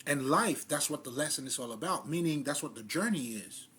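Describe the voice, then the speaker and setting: A man's voice: a little high, lively intonation, fairly quick, a bit bright, slight background noise. A man giving a loose, casual spiritual monologue in street slang, swearing freely and often laughing at himself. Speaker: spiritual vlogger.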